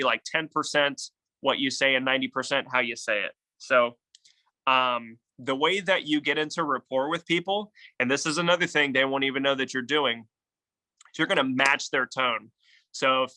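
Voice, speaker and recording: A man's voice: mid-range voice, pushed and bright, low-quality recording. A man coaching a class on sales calls in a conversational way, with frequent restarts and acted-out examples. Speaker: real estate sales trainer.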